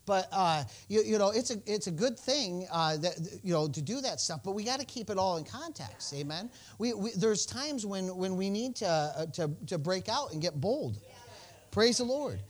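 Male pastor, high voice, folksy preacher: jokey asides, then bold loud calls to the congregation. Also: expressive, normal speed. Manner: folksy, joking, swings from soft asides to bold shouts. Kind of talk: sermon.

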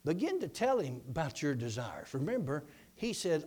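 A man preaching a sermon, telling a story in a folksy, rambling way and dropping his voice low when quoting others. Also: big pitch swings, moderate pace, few pauses, darkish tone, slightly rough.

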